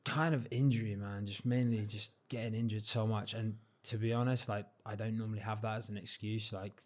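A young man from Cornwall chatting casually as an interview guest, relaxed and modest, with lots of "like" and "um". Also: lowish voice, a little fast. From Cornwall, England. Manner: relaxed, modest, many fillers like "like" and "um". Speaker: guest, freestyle football champion.

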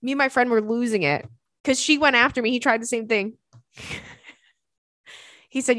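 A woman's voice: fairly high pitch, normal speed, pauses often, fairly bright tone, dry recording. A young woman hosting a podcast, reading out listener emails and chatting in a bubbly, crude, joking way, laughing often. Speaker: podcast host and stand-up comic.

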